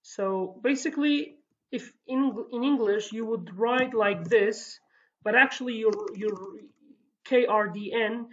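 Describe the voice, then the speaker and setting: A woman's voice: fairly high pitch, slow pace, lo-fi sound. Hesitant woman teaching a language lesson. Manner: hesitant, many fillers and restarts. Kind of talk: casual spoken lesson.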